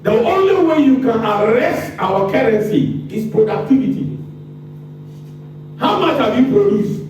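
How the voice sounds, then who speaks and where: A Ghanaian man gives a fired-up lecture and pelts his listeners with rhetorical questions. His voice sits high and swings widely, with a mellow, dark tone. He sounds far from the mic in a very echoey room with faint background noise. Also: expressive, a little slow. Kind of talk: public lecture.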